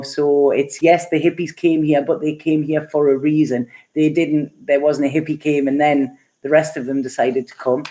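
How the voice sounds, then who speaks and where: A woman's voice: low voice, dark tone. A middle-aged woman giving a casual live tarot reading and answering viewer comments, chatty and rambling, often laughing and using plenty of fillers. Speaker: tarot reader.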